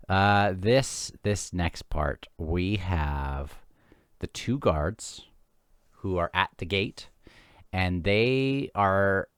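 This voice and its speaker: Low-voiced man chatting about books. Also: dry recording, studio quality. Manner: rambling, chatty, with many restarts and fillers. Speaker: book discussion host. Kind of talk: casual chapter-by-chapter book discussion.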